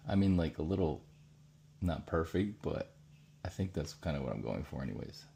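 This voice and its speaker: A man with a very low, gravelly voice and a mellow, warm tone. He rambles casually, thinking aloud as he works on a painting. There is a faint hum of room ambience behind him. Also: animated, slow pace, long pauses. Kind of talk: casual commentary while painting.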